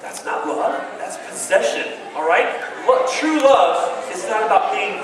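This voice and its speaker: A man with a high, bouncy voice gives a joking talk to a young crowd, playing to them. He is heard from a distance in a big hall with a long, ringing echo. A lively audience is clearly heard around him. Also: a little slow. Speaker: youth speaker. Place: large hall with a live audience. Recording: echoey hall from far off with a crowd. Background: crowd of kids reacting.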